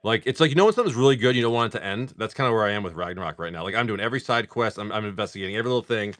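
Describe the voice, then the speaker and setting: A man hosting a live stream, rambling casually, swearing freely, and reading off card names in quick lists. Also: on the low side, expressive, fairly bright tone, no room sound. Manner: rambling, swears freely, laughs often at chat. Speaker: live-stream host opening card packs.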